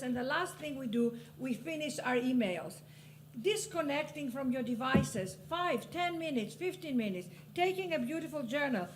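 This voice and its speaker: A woman's voice: high-pitched, a little hiss or hum. A middle-aged woman from Greece giving an impassioned motivational talk on a panel, exhorting the audience and sometimes laughing at her own lines. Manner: passionate, preachy, laughing asides. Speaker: panelist and author.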